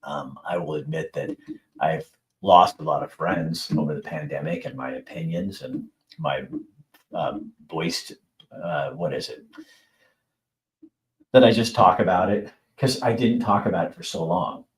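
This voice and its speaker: In a rough, echoey recording, a middle-aged show host rants casually and bluntly, swearing and mimicking others by raising his voice. His pitch is extremely low, and he speaks at a measured pace with frequent pauses.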